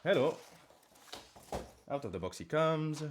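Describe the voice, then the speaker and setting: Over slight background noise, a little-high voice with lively intonation moves a little slowly. It's a streamer and voice actor at home, talking casually on a live stream in English with a fake French accent, rambling, playful and self-mocking.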